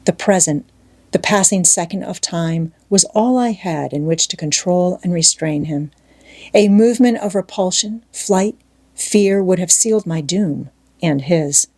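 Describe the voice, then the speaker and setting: A woman narrating a classic novel as an audiobook in a measured, expressive reading. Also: on the low side. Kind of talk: scripted narration.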